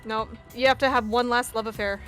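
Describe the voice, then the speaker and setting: A woman's voice: on the high side, fairly even intonation, fairly quick, fairly bright tone. A woman co-streaming a game playthrough, tossing out jokes and giggly asides, with game music behind. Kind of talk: co-op game playthrough, casual chat.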